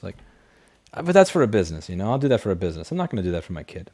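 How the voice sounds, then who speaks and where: A man's voice: sits low, sing-song, very fast, warm tone. A man hosting a casual late-night livestream, reading chat questions and answering in a blunt, profane, rambling way through a desk microphone.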